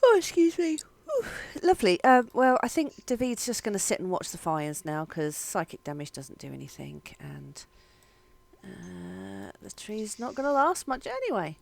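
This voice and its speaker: Woman game master with lively pitch. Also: normal speed, vocal fry. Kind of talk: running a tabletop game.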